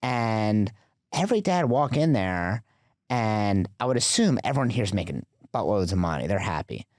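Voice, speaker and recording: A man's voice: on the low side, moderate pace, no echo, clean studio sound. A man as a podcast guest, telling a story in a casual, chatty way with lots of fillers. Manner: chatty, filler-heavy, animated retelling.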